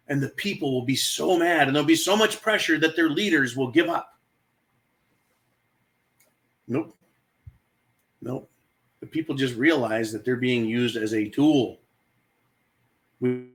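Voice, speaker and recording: A man hosting his own channel delivers an exasperated, emphatic opinion monologue to his viewers, frequently calling them folks. His voice is medium-pitched, and the audio quality is poor.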